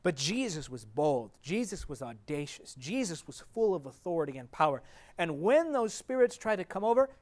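Emphatic male preacher, loud then hushed. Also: fairly high pitch, sing-song, normal speed. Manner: emphatic, repeats phrases for emphasis, swings between loud and hushed. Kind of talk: sermon.

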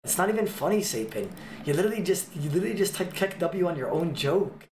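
A man livestreaming, joking with his chat in loud, swearing banter. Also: high-pitched, sing-song, fast talker, reverberant, slight background noise.

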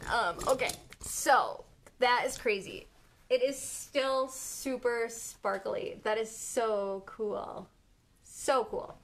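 A woman who owns an art studio, excitedly demonstrating a craft technique on a live stream, gasping and delighting at the results. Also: on the high side, takes it slowly, a little hiss or hum. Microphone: phone or camera on live stream.

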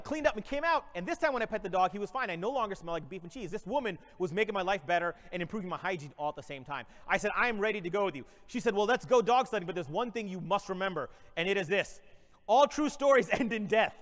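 A man's voice: high voice, lively intonation, fast talker, a bit bright. A man in his forties giving a keynote, improvising a comedic motivational story with playful energy and frequent laughter. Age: 40s. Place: large conference hall. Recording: long reverb of a large conference hall.

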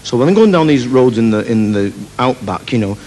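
On a large theatre stage, a Mancunian comedian tells stories live, animated and jokey, slipping into put-on voices for his anecdotes. He has a medium-pitched male voice and speaks fairly quickly. The live theatre recording carries faint hiss, with audience laughter behind him.

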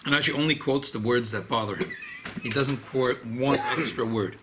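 A man, a rabbi, giving a classroom Torah lecture in an animated, emphatic way, often repeating key phrases. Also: mid-range voice, normal speed, noisy background. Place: study hall classroom.

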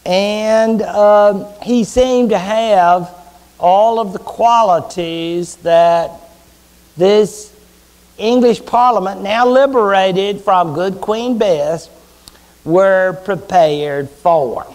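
A man with a Southern US accent lecturing at a measured, unhurried pace. His voice sits high for a man. He keeps it chatty and wry and tosses rhetorical questions at the class. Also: a little mellow. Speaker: history lecturer. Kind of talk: university lecture.

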